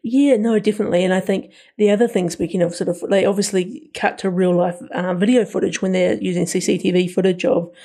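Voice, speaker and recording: A man's voice: sits high, fairly even intonation, fairly quick, few pauses, warm tone. A man co-hosting a podcast, chatting casually about a film in a rambling way with lots of fillers. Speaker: podcast co-host.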